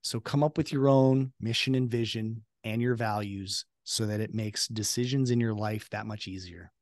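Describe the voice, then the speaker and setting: A man's voice: lowish voice, fairly even intonation, normal speed, a little mellow, no echo, clean studio sound. A man speaking as a podcast guest, earnest and motivational, repeating his key points. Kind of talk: casual interview chat.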